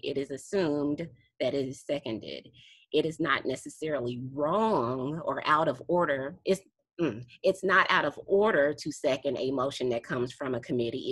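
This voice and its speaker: A lower-pitched woman with a husky edge teaches a study group over a video call. Her voice is close and dry, with little room sound. She explains steps patiently and breaks into laughter now and then. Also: no room sound. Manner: explanatory, laughs often, self-correcting. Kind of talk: online teaching session.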